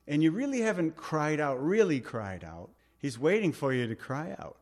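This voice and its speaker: A man's voice: fairly high pitch, big pitch swings, normal speed. A middle-aged man preaching a sermon as pastor, earnest and conversational, asking rhetorical questions and pleading with light humor.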